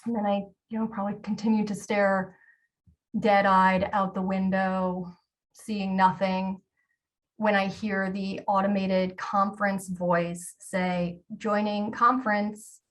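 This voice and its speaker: A woman's voice: mid-range voice, flat delivery, takes it slowly, recorded from a distance. A woman in her forties giving a candid, self-deprecating storytelling talk as a keynote speaker, with the odd filler um.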